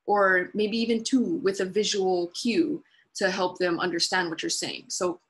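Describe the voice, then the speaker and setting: A woman's voice: on the low side, steady tone, a little slow. A woman presenting a webinar on dementia care, explaining patiently with everyday examples and simple repeated phrases.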